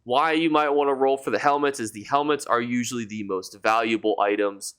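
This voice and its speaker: Game-guide YouTuber, male, mid-pitched, casual and enthusiastic with his audience. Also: fairly even intonation, a little fast, a bit bright, clear, resonant tone. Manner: chatty and enthusiastic, addresses viewers as "you guys". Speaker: gaming YouTuber.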